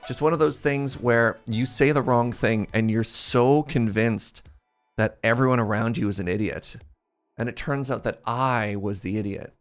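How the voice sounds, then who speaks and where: Guy streaming a game, chatty, laughs at himself a lot, quiet music underneath. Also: mid-range voice, moderate pace. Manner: animated storytelling, self-mocking, laughs often. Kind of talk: casual live-stream chat. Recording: faint game music behind.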